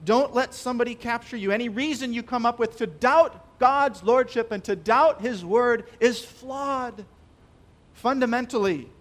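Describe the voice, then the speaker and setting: A man preaching a sermon, emphatic and stressing key phrases by slowing down. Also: very high voice.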